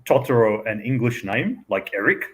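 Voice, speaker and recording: An Australian man co-hosting a casual live-stream chat, speaking hesitantly with many pauses and short laughs. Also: mid-range voice, very animated, slightly rough, low-quality recording. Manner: hesitant, lots of ums and quick laughs. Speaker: co-host.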